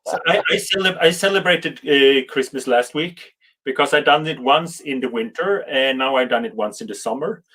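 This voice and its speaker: A man hosts a live show, reading out viewer comments. He jokes his way through, with a lot of halting restarts. His voice sits at an ordinary middle pitch. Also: pushed and bright. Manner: joking, halting, with frequent restarts.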